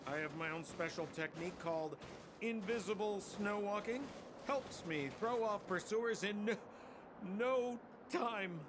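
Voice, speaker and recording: An actor playing a sly, talkative male smuggler guide in a game cutscene, with smooth salesman patter. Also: high voice, a little slow, noisy background.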